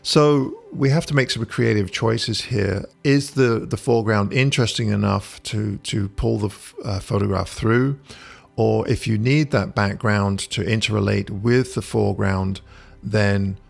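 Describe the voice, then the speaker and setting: A man narrating a photography tutorial in a relaxed, explanatory way, pausing often with "uh". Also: lowish voice, creaky, soft background music. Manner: relaxed, explanatory, with frequent "uh" pauses. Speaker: photography instructor. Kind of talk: voice-over tutorial.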